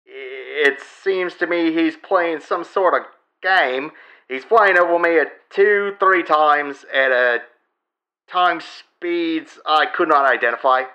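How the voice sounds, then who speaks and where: A man playing a young pilot with a put-on Australian accent, halting and hesitant in his radio reports, as a comedic dramatic reading. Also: on the high side, pushed and bright, lo-fi sound, voice pushed up. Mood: uneasy. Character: young male pilot reporting a strange aircraft.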